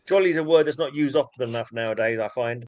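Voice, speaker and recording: A man's voice: mid-range voice, fast, a little mellow, no echo. Dry-quipping man on lo-fi audio. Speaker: podcast co-host. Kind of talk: casual chat. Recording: dull lo-fi sound.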